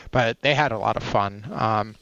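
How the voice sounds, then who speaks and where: A man's voice: on the low side, normal speed, creaky, a bit bright, dry recording, dull audio. A man in his forties, a podcast guest telling a personal story in a rambling way, full of fillers and restarts. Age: 40s.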